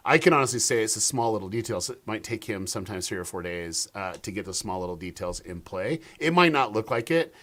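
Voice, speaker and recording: This YouTube strategist, a guest on a live stream via video call, talks fast with few pauses in a fairly low-pitched voice. He's an animated storyteller whose speech is full of fillers and restarts.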